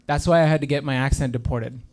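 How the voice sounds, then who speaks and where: A man in his thirties from India doing a stand-up set on stage in a comedy theater, speaking in a dry, deadpan way and pausing for punchlines. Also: mid-range voice. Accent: neutral American-sounding. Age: 30s. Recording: live room with audience noise. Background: audience laughter.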